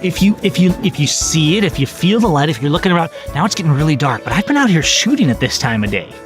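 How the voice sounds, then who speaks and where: A man in his forties vlogging outdoors in a park, talking excitedly about photography and often restarting his phrases. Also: a little high, fast talker, music in the background. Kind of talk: casual outdoor vlog.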